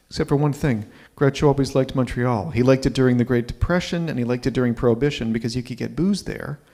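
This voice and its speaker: A man's voice: mid-range voice, darkish tone. A man in his fifties telling a personal story live on stage, conversational and checking in with the audience. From Ontario, Canada.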